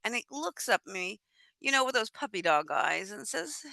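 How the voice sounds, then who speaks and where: A woman telling a tall tale at a live storytelling event, animated and acting out her own thoughts and dialogue. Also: medium pitch, normal speed, creaky, no echo.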